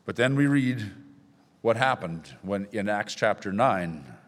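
A man's voice: lowish voice, lively intonation, a little slow. A man preaching a sermon in a church, reading scripture aloud with rising emphasis. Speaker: pastor. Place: church sanctuary. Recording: long hall reverb.

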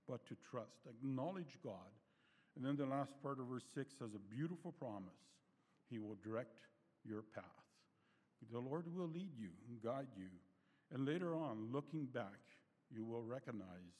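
A man preaching a sermon in a gentle, unhurried way, reading scripture in old-fashioned wording and letting his phrases fade softly at the end. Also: mid-range voice. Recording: long hall reverb.

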